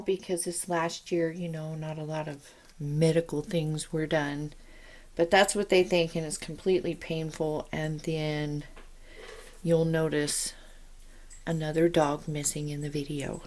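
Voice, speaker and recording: A woman's voice: sits low, fairly even intonation, slow pace, darkish tone. A woman chatting casually in her home kitchen as she shows a canning task, rambling into asides as she works.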